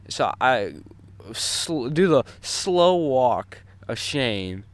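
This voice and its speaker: Teen boy storyteller, casual and profane, rambling with restarts, clean smooth tone, close dry sound. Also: mid-range voice, no echo. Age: teens. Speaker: vlogger.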